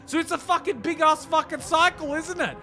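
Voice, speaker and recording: A man reacting to a game story, ranting excitedly and swearing heavily. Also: very high voice, fairly quick, faint music behind. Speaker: reaction streamer.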